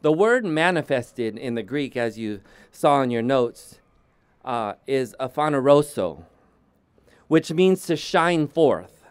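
A man preaching a sermon as pastor, slow and deliberate, often restarting his sentences. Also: mid-range voice, lively intonation, clear, resonant tone, no echo.

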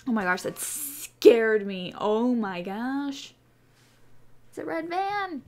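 A woman giving casual, chatty commentary while playing a horse-riding game, giggling and talking to herself, her voice a bit hoarse. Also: on the high side, sing-song, slow. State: slightly hoarse. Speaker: gaming YouTuber.

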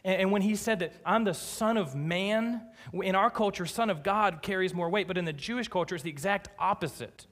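A man's voice: high voice, fairly bright tone. Emphatic preaching man, echoing church. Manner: emphatic preaching, slowing down to stress scripture. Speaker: pastor. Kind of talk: sermon. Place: church sanctuary. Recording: long church reverb.

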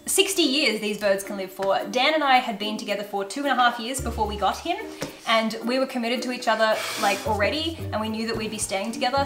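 A woman host chatting earnestly and emphatically in a casual Q&A at home. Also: mid-range voice. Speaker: YouTuber, parrot owner. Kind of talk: casual Q&A chat. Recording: roomy echo with background music.

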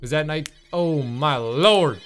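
A man's voice: a little high, takes it slowly, a little hiss or hum. Exasperated man commentating a game. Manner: exasperated, swearing, loud outbursts. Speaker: gaming YouTuber. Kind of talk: let's-play commentary.

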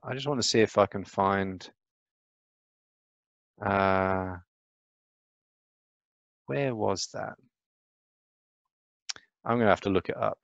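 A man's voice: lowish voice, slow, gravelly, pauses often, no room sound, lo-fi sound. A man giving a casual, chatty lecture on astronomy, often checking in with "right?".

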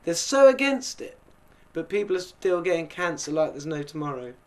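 A man's voice: fairly high pitch, sing-song, normal speed. A man with a British accent hosting a casual, rambling chat and chuckling as he talks. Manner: chatty, rambling, chuckling asides. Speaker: host.

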